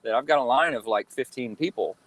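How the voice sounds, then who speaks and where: A man in his thirties, a guest telling stories in a relaxed interview, rambling with lots of fillers and restarts. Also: medium pitch, a little fast, over a noisy crowd, low-quality recording. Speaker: guest, fan-film actor and cosplayer. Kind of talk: casual interview chat.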